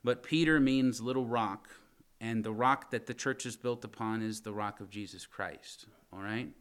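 A male pastor speaks in a smooth, slightly bright voice on the low side, at a moderate pace. Preaching in his church sanctuary, he keeps the sermon conversational, often questioning the congregation while reading scripture.

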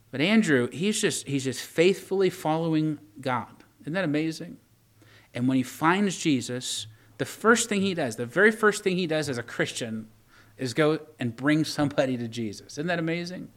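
Male preacher, slightly high voice, folksy conversational sermon with restarts and scripture readings. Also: expressive, normal speed. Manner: conversational, repeats words, reads old scripture aloud.

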